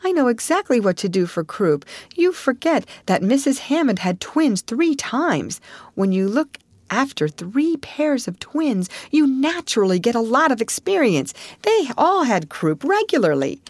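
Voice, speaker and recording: Woman as a chatty dreamy girl, eager and dramatic, lowish voice, dry read. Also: animated, moderate pace, darkish tone, dry recording, close to an everyday voice. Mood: cheerful reassuring. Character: chatty imaginative young orphan girl, Anne.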